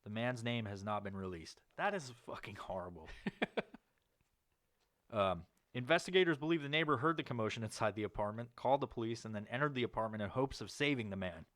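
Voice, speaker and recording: A man's voice: a little fast, a bit bright, dry recording, studio quality. A man co-hosting a podcast, reading news stories aloud in casual banter, laughing often and swearing freely. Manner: laughs often, swears freely, jumps into squeaky put-on voices. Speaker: podcast co-host.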